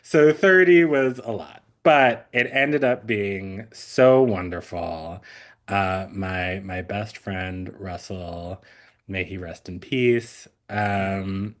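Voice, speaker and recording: A man in his thirties chatting on a podcast, rambling and full of fillers, often laughing. His voice sits fairly low and he takes his time. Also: slow. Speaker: podcast co-host. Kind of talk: casual chat.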